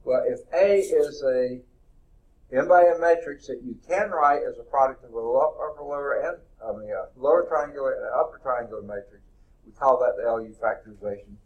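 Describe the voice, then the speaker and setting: Male math instructor, classroom lecture, unhurried and deliberate, mid-pitched voice. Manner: deliberate, stretches words while writing on the board.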